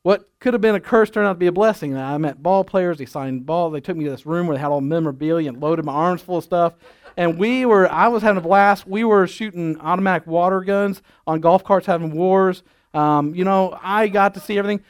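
Folksy high-voiced male pastor preaching. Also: brisk, clear, resonant tone. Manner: storytelling, folksy, chuckles at his own jokes. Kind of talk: sermon.

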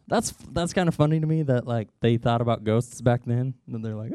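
A man's voice: mid-range voice, fairly quick, hardly any pauses, dark tone, clean tone, no echo, studio quality. A man telling a Bible story to kids in a playful, joking way, adding sound effects and asides.

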